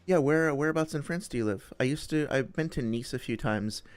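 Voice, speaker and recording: This streamer host, a young man, talks a little fast in a smooth, medium-pitched voice. Friendly and rambling, he chats with viewers casually, full of fillers and restarts.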